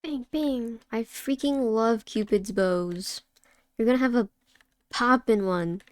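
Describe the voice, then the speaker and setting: Young female art streamer, casual and irreverent, slightly high voice, dry close-mic sound. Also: slow, smooth, no room sound. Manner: chatty, swears casually, laughs, answers chat. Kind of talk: casual chat while drawing on stream.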